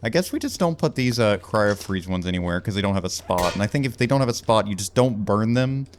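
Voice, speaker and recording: A man's voice: fairly low pitch, animated, a little fast, a little hiss or hum. A young man rambling and joking his way through casual gameplay commentary. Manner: rambling, jokey, puts on loud emcee shouts. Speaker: gaming YouTuber.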